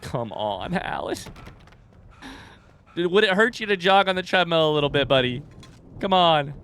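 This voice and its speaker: A man's voice: on the high side, animated, normal speed, fairly bright tone, a little hiss or hum. A young man giving casual, joking commentary while playing a video game, talking back to it and swearing. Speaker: gaming streamer.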